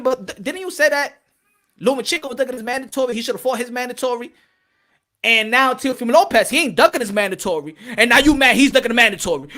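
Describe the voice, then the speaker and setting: A man's voice: very high-pitched, fast. Profane, fired-up male boxing ranter. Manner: heated, profane, animated ranting with repeated phrases. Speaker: boxing commentator. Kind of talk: ranting talk show.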